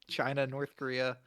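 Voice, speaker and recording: A young man with a Midwestern American accent, co-hosting a casual podcast, joking and laughing often. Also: mid-range voice. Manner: joking, laughs often, reads aloud from searches. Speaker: podcast co-host. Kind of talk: casual chat.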